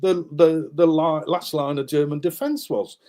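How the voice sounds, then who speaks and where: Man telling a war story, talks a bit high, lots of ums and restarts, acts out the quotes. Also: moderate pace. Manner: animated, acts out the people in his story; many fillers and restarts. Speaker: author and guest. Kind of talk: storytelling history while showing maps.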